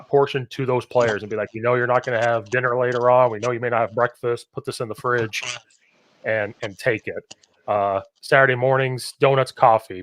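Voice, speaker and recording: Animated male coach telling stories. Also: medium pitch, no echo. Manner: animated storyteller, acts out quoted voices. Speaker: podcast host and football coach. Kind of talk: casual podcast conversation.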